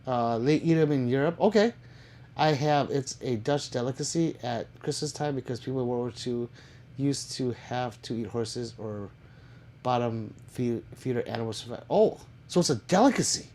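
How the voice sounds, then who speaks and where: A man's voice: medium pitch, moderate pace, mellow. A man chatting casually on a live stream, reading viewer comments aloud and answering them with jokes and swearing.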